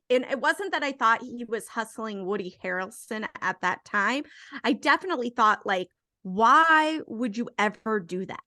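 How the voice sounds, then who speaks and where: A woman's voice: a little high, pushed and bright, no room sound, clean studio sound. A tipsy woman co-hosting a casual movie review, blunt and opinionated. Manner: blunt and opinionated, laughs easily. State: tipsy from drinking. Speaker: podcast co-host.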